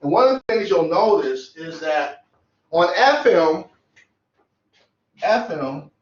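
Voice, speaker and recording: Man, electronics instructor, casual lecture, conversational, slightly high voice, echoey muffled room. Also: very animated, slow. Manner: loose, conversational, drawing as he explains. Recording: roomy, dull lo-fi classroom sound.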